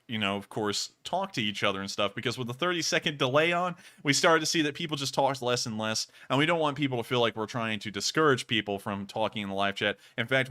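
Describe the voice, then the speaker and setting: A man's voice: mid-range voice, pushed and bright. A young man of about twenty hosting a live stream, earnestly and effusively thanking viewers for donations. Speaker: livestream host.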